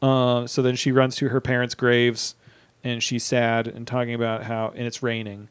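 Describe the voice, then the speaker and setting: A man's voice: medium pitch, monotone, clean tone. A man co-hosting a casual podcast, recapping an anime with a mid-range voice. He fills gaps with ums and drifts into tangents. He slips into goofy voices to mimic characters. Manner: joking, acts out characters in quick put-on voices; frequent fillers and trailing asides. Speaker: podcast co-host.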